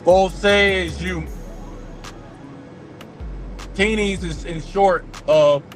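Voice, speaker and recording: A man in his forties chatting casually in a car, thinking aloud in slangy talk and sounding foreign words out slowly. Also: high voice, soft background music. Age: 40s. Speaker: vlogger. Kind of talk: casual chat while practicing languages.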